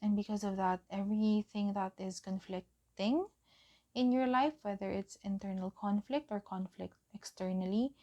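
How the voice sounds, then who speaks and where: A young woman giving a pick-a-card tarot reading, gentle and encouraging, often giggling and saying um. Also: mid-range voice, moderate pace, muffled recording. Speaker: tarot reader.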